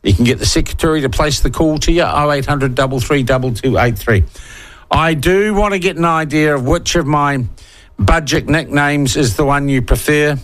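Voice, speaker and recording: A man's voice: fairly high pitch, moderate pace, fairly bright tone. A man with a New Zealand accent hosting talkback radio, bluntly chatting and reading out listener texts. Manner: blunt, irreverent, reads listener texts aloud. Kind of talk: opinionated talkback radio chat.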